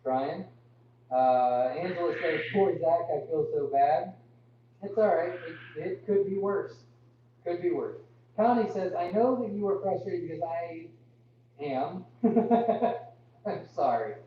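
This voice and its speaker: A young man hosting a live farm Q&A, reading viewer comments aloud and answering with apologies, straining his voice to talk louder. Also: fairly high pitch, measured pace. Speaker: farm livestream host. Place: indoors on a farm. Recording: muffled, distant, echoey, with hum.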